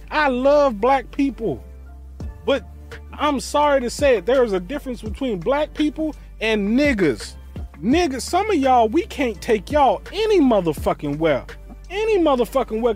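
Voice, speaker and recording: A man hosting a reaction show, giving loud, animated commentary and swearing freely. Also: extremely high pitch. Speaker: host.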